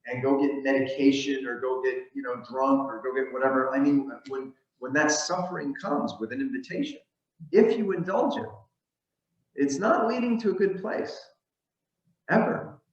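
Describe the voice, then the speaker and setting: A man's voice: medium pitch, moderate pace. A male minister giving a conversational sermon with storytelling and frequent restarts. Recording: echoey, dull room sound.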